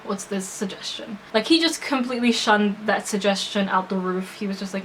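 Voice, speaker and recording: Earnest young woman vlogging, halting. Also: medium pitch, a bit bright, a little hiss or hum, low-quality recording. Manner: hesitant, full of fillers and restarts; earnest and emotional. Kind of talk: personal storytelling to camera.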